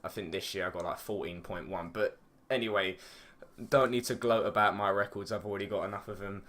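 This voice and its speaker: A man's voice: on the low side, fairly quick, a bit bright. A teenage boy with an English accent telling a story casually, rambling, swearing and filling with "like". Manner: rambling, swears a lot, heavy use of "like". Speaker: vlogger.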